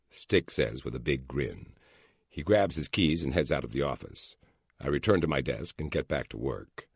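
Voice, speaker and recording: A deep-voiced man narrates a first-person audiobook with a wry storytelling manner. His voice is husky but moves lively up and down, in a dry, close recording. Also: normal speed, no room sound.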